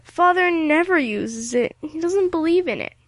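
A woman's voice: high-pitched, animated, a little slow, no room sound, voice pushed up. Woman putting on a queasy, impatient storybook girl. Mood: grumbling, queasy. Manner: sharp, blunt, complaining. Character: sick, impatient young girl.

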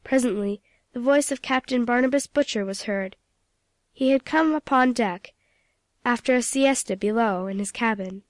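Storybook narrator, woman, fairly high voice, dry close recording. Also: normal speed, no echo. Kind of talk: storybook reading.

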